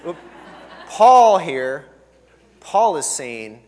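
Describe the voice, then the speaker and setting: An earnest male pastor preaching, his voice sitting a little high for a man. He presses hard on key words and then lets phrases fall away quietly. The sound rings with the long reverb of a large church hall. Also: animated, brisk, a faint crowd. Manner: earnest and emphatic, swelling on key words then dropping soft. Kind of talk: sermon.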